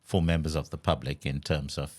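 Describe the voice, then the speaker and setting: Very deep-voiced man. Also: flat delivery, darkish tone. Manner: measured, formal, deliberate arguing. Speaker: podcast co-host. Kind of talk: casual political discussion.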